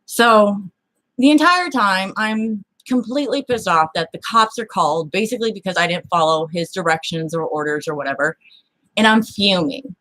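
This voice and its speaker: Chatting casually at a normal speed in a medium-pitched voice, a woman shares a personal story with blunt, profane candor. She's animated, performing the voices of the people in it.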